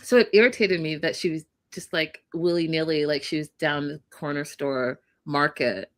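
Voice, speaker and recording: A woman co-hosting a casual show recap, telling the story in an animated way and laughing often. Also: sits low, normal speed. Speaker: co-host.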